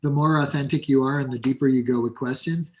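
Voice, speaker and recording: Guest coach, male, New York accent, plain mid pitch, punchy and direct. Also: steady tone, fast talker, a little mellow. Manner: blunt, emphatic, acts out example dialogues. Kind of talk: conversational podcast interview.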